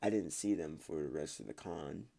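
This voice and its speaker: A man's voice: rumbling low, expressive, normal speed, creaky, warm tone. A man reading online stories aloud in a casual way, stumbling over words and breaking off to comment on his own reading.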